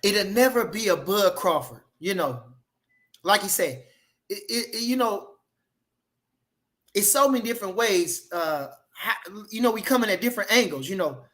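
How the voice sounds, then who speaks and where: A man's voice: high voice, expressive, normal speed, a bit bright. A man in casual opinion talk on boxing, emphatic, repeating phrases and firing off rhetorical questions. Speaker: boxing commentator.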